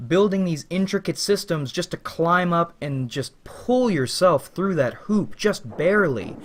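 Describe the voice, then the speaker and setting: A man's voice: on the high side, slight background noise. A man giving a rambling, philosophical spoken monologue as a vlogger, with casual profanity.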